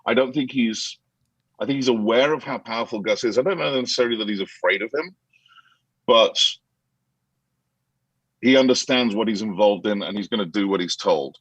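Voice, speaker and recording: A man, an actor guest in a casual interview, telling animated anecdotes with many restarts and acting out quotes. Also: on the low side, moderate pace, long pauses, breathy edge, no echo, dull audio.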